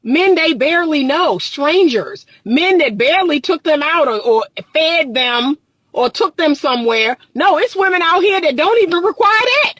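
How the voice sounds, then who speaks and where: Emphatic high-voiced woman relationship coach. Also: lively intonation, normal speed, a bit bright, dry recording. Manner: emphatic, preachy, repeats phrases for emphasis. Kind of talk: live-streamed monologue. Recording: dry close phone mic.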